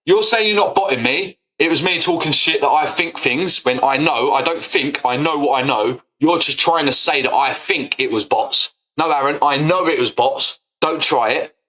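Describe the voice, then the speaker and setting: A young man rants at his stream audience, combative and full of swearing. His voice sits a bit high and sounds bright and forceful as he keeps hammering the same points. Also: normal speed, few pauses, poor audio. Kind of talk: heated casual rant.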